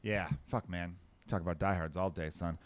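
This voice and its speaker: A man's voice: low voice, steady tone, moderate pace, slight background noise. A man from the United States hosting a podcast, chatting casually and telling rambling, profane stories. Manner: profane, rambling, laid-back storytelling. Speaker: podcast host.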